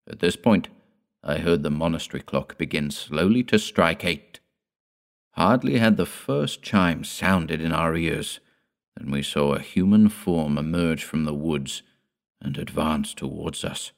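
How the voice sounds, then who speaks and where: Deep male voice, audiobook narrator, measured, grave. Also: expressive, creaky.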